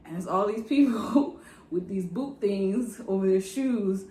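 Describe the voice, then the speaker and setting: A woman from San Francisco telling a travel story in casual chat, animated and acting out the people she quotes. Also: mid-range voice, a little slow. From San Francisco, USA. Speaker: travel vlogger. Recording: roomy echo with faint music.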